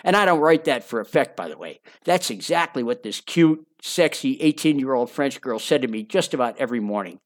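A man's voice: medium pitch, expressive, brisk, few pauses. An older man narrating his own memoir in a folksy, enthusiastic way, with chatty asides.

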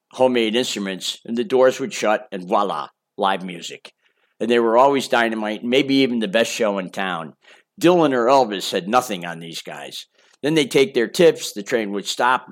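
An older man reading his own memoir as an audiobook, in a casual, chatty and boastful storytelling manner. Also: fairly low pitch. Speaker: memoir author.

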